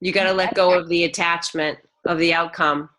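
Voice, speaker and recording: A woman mentor on a group call, asking calm and probing questions. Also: lowish voice, normal speed, slight background noise.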